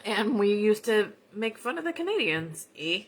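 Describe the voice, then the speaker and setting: A woman's voice: medium pitch, very animated, moderate pace. A woman with a Southern US accent, chatting in a folksy way as she demonstrates card-making live. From United States. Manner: chatty, folksy, talks while working. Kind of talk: casual live crafting chat.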